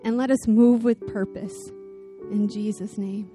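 Over music, a woman with a medium-pitched voice delivers a sermon at a measured pace. Her animated storytelling and rallying calls build toward a closing prayer.

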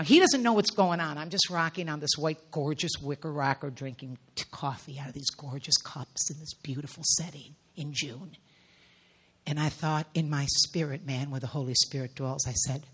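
A middle-aged woman preaches with a husky, breathy voice. She tells a personal testimony with real intensity. Her voice often sinks to soft, hushed near-whispers. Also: low-pitched, normal speed. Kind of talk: emotional sermon testimony.

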